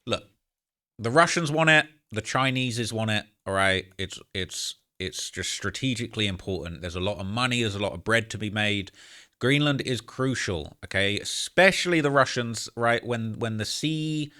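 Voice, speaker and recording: A man's voice: fairly low pitch, moderate pace. A man giving casual, slangy political commentary, constantly checking in with "all right?". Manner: slangy, animated, keeps tagging lines with "all right?".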